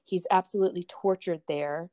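Upbeat low-voiced woman, dry sound. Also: steady tone, fairly quick, dark tone, no echo. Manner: upbeat, laughs easily. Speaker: podcast guest. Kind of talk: casual interview chat.

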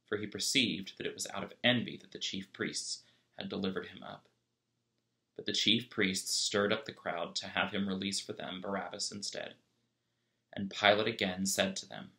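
A man reading scripture aloud in a church, steady and measured. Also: lowish voice. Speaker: scripture reader.

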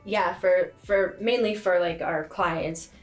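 Lady coach chatting about training, kinda low voice, easy laugh. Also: steady tone, slow pace, soft background music. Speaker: gym owner and strength coach. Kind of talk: casual podcast chat.

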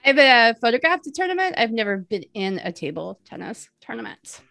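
A woman's voice: fairly high pitch, very animated, brisk, gravelly, sharp tone, dry recording, faint music behind. A woman in her forties, an interview guest, chatting casually with lots of fillers and giggles. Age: 40s.

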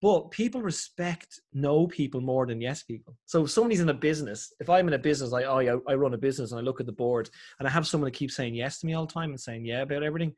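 Fast-talking Irish man telling stories. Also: medium pitch. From Ireland. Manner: animated storyteller, acts out voices. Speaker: podcast guest. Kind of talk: casual chat.

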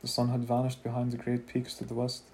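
A man's voice: mid-range voice, completely flat delivery, quick pace, a little mellow, slight background noise. A man reading a fantasy novel aloud in first person, as an amateur audiobook, now and then adding asides of his own. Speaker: reader of a novel.

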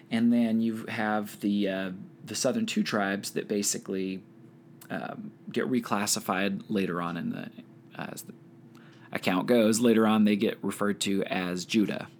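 A man leading a Bible study, reading scripture aloud and adding casual commentary. He talks in a relaxed, conversational way with wry offhand asides. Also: on the low side, slight background noise.

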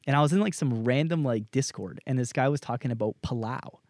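A man's voice: medium pitch, brisk, no echo. A young man from Canada co-hosting a podcast, telling a story in a loose, profane way and acting out what others said. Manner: animated, profane, acts out quoted exchanges. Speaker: podcast co-host.

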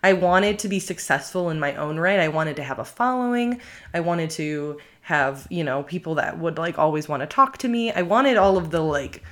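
A woman's voice: sits low, animated, moderate pace, fairly bright tone. A young woman chatting on a podcast, rambling and reflective, leaning on lots of "like" fillers. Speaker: podcast co-host, YouTuber. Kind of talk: casual podcast chat.

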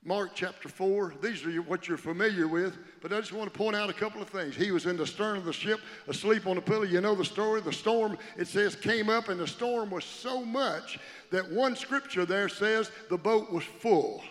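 A man with a fairly high voice preaches a sermon in a church, and the sound carries a long hall reverb. He swings between loud preaching and a hushed near-whisper. He keeps turning to the congregation and calling on them to respond. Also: normal speed. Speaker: pastor.

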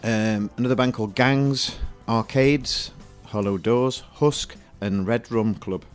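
Male radio co-host, mid-pitched, banter-heavy, faint music bed. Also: takes it slowly. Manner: jokey, rambling, laughs often. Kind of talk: casual chat between music plays.

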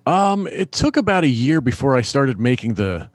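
A middle-aged comedian man tells a story with a lively voice that swings up and down in pitch. He laughs often and acts out voices. The sound is dry and close to the mic. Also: moderate pace, no room sound. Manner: animated anecdote-telling, laughs often, acts out voices in quotes. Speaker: stand-up comedian, guest. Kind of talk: storytelling in a podcast interview.

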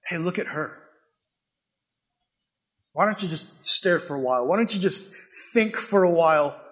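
A man's voice: very high-pitched, animated, brisk, fairly bright tone, big-room sound, pitched above the performer's own voice, heavily acted. A man voicing a scheming male devil in a sermon, with a coaxing, persuasive manner. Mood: whispering.

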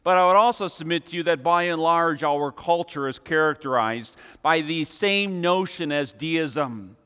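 Guy preaching a sermon in a church, bright forceful voice, long echoey reverb. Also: fairly high pitch, clean tone. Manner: measured, emphatic repetition. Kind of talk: expository sermon.

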